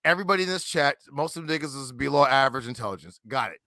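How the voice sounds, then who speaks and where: Gravelly, bright-voiced man in his forties. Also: medium pitch, animated, racing, no echo, clean studio sound. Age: 40s. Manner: emphatic, profane, combative boasting. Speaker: debater on a livestream panel. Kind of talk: heated livestream chat.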